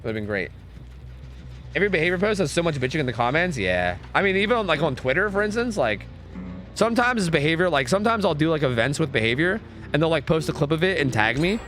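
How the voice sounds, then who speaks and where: Profane, animated male gaming streamer. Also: a little high, quick pace, faint music behind. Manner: profane, ranting, chatty with viewers. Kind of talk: casual live-stream commentary.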